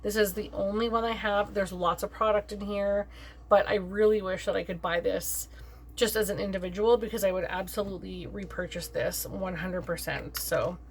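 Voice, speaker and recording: A woman's voice: medium pitch, fairly even intonation, normal speed, slight background noise. Chatty upbeat woman vlogger. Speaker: beauty vlogger. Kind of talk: casual makeup review chat.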